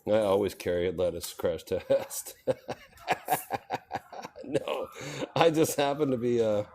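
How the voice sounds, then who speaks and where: A man's voice: fairly low pitch, animated, slow, darkish tone, a little hiss or hum. A man live-streaming as he walks, chatting casually with viewers and talking to the animals he meets, laughing often. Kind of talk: casual live-stream chat while walking. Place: small shop and street outdoors.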